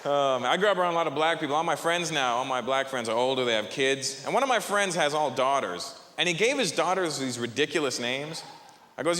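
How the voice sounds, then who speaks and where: A man performing a stand-up comedy set, animated and jumping between characters' voices. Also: on the high side, brisk, a little hiss or hum. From Canada. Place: large theater on stage. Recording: live hall reverb with audience.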